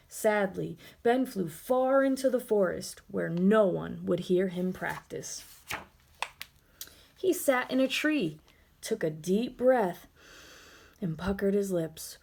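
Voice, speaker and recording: A woman reading a children's storybook aloud in a gentle, expressive way. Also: medium pitch, takes it slowly, vocal fry.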